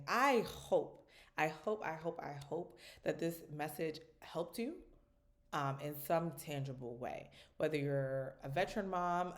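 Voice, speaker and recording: An expressive woman talks straight to her viewers in a casual parenting vlog. Her voice sits a little low but swings widely in pitch, and she keeps tossing in "right?" to pull the listener along. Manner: animated, jumps into high voices quoting her daughter; says "right?" often. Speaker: parenting vlogger. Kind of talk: casual direct-to-camera vlog.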